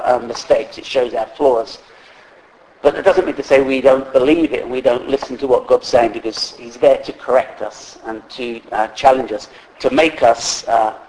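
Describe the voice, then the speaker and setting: Male preacher, mid pitch, chatty and halting sermon delivery. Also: a little mellow, poor audio. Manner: conversational, halting with fillers and restarts.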